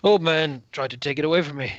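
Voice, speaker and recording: A man's voice: on the high side, fast talker, fairly bright tone, dull audio, a little hiss or hum, pitched above the performer's own voice, lightly acted. A man voicing a drunken, bitter old lord who talks in a slurred, sulky, rambling way. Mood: petulant.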